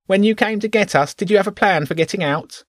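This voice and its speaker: A man's voice: sits high, a little fast, dry recording, clean studio sound, voice pushed up, lightly acted. A man voicing a whiny, complaining rat in an audiobook, with slangy speech. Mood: whining. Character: whiny streetwise male rat.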